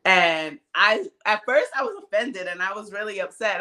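Bright-voiced woman podcast host. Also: medium pitch, expressive, normal speed, few pauses. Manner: candid and chatty, laughs often. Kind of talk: casual chat. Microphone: cell phone.

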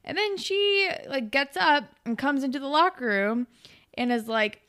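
A woman's voice: high-pitched, sing-song, normal speed, a bit bright. A woman co-hosting a podcast, chatting casually and animatedly about a TV episode, swearing often, hungover. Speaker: podcast co-host. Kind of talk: casual chat recapping a TV episode.

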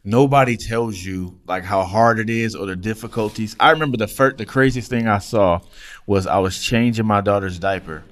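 A man hosting a casual chat, joking and teasing, quick to laugh. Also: lowish voice, fairly bright tone. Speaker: podcast host.

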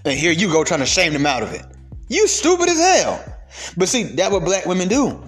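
A man's voice: high-pitched, wildly swooping pitch, fairly quick, fairly bright tone, faint music behind. A young man delivering a heated, profane rant of social commentary, emphatic and blunt.

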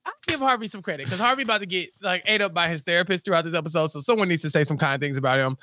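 A man co-hosting a podcast in casual recap chat, acting out characters in quick voices. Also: high voice, pushed and bright, no echo, studio quality. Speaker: podcast co-host.

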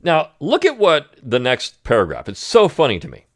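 A man's voice: a little high, huge pitch swings, moderate pace. A man hosting a political commentary podcast, talking in a sarcastic, mocking way. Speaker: podcast host.

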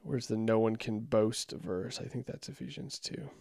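This reviewer's voice is fairly low, gravelly and dark, heard at normal speed in studio quality without echo. He picks apart a sermon casually and critically, wryly thinking out loud and reading scripture passages.

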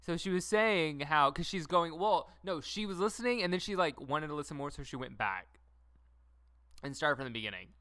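A man's voice: on the high side, lively intonation, fairly quick, bright, forceful tone, no room sound. A man in his twenties co-hosting a podcast, chatting casually, giggling and rambling. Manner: giggly, rambling, drops into silly put-on voices. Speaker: podcast co-host. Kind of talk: casual chat.

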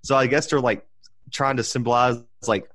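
A young man, a podcast co-host in casual sports chat, talking in animated, worked-up rants at a desk microphone. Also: medium pitch, normal speed. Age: young adult. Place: home setup, rolling desk chair.

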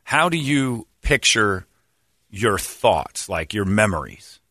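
Man, very deep voice, forceful tone, rambling casual chat, self-mocking, dry close sound. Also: big pitch swings, slow pace, no room sound.

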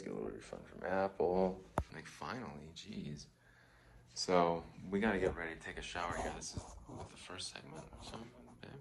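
A man's voice: a bass voice, expressive, moderate pace, vocal fry, very noisy. A man hosting a casual podcast, rambling and swearing as he rants and tells a story. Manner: profane, rambling, worked-up ranting. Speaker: podcast host. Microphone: studio monitors and headphones.

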